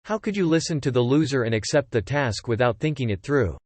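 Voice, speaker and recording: A man voicing a scornful middle-aged mother in an audiobook, reading her sneering lines slowly in his own voice. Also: mid-range voice, lively intonation, dry recording, close to an everyday voice. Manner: sneering, slow and contemptuous.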